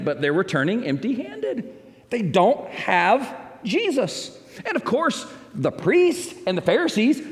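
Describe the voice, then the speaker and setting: A man preaching a sermon as pastor, dramatic, moving between loud emphatic lines and hushed ones. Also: on the high side, in a large hall.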